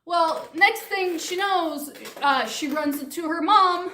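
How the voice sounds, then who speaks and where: Giggly high-voiced woman rambling a story. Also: takes it slowly, sharp tone, roomy sound, a little hiss or hum. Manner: giggly, scattered, swearing. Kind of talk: improvised rambling comedic story.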